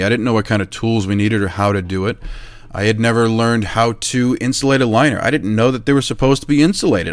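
A middle-aged man with a low voice tells a story about his own business in a casual, lively way. He acts out both sides of the conversations he describes and laughs at his past mistakes. The recording is dry and close, with no room sound. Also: dry recording. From New Hampshire, USA. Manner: animated, acts out quoted exchanges, self-deprecating laughs. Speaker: chimney service business owner.

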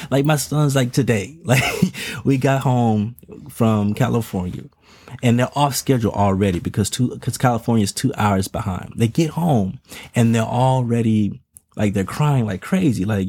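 A man's voice: medium pitch, normal speed, darkish tone, husky, no echo. A father of twin toddlers speaking in a casual, earnest monologue. He uses slang and repeats words as he talks. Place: home in Texas.

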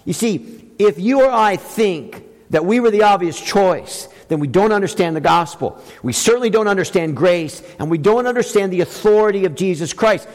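A man preaching a sermon, asking his listeners questions and swinging between loud high emphasis and quiet low passages. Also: animated, normal speed, big-room sound, poor audio. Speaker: pastor.

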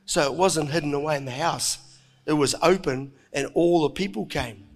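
A middle-aged man preaching a sermon, telling the story with lively acted-out voices and frequent chuckles. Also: fairly high pitch, normal speed. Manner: animated storytelling, acting out voices, chuckling often.

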